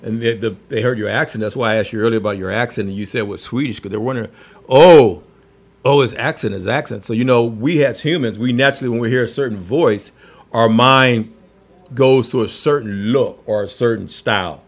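A man's voice: mid-range voice, brisk. A man hosting a casual interview chat, eager and chatty, reacting with interest. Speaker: host.

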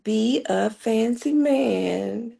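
A woman's voice: on the high side, very slow, vocal fry, mellow, breathy edge. A woman co-hosting a talk show, playful and laughing often as she chats. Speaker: co-host. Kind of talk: casual chat.

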